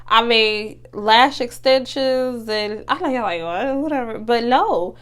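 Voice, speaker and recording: A woman's voice: a little high, slow, fairly bright tone, clean tone. A young woman, hosting a casual motivational talk, chatty and earnest with many fillers and restarts. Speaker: podcast host.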